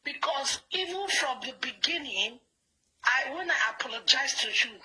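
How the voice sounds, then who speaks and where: Angry, high-voiced Nigerian woman on a call. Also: lively intonation, moderate pace, pushed and bright, slight background noise, poor audio. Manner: angry, emphatic, insistent. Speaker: caller. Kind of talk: heated phone call.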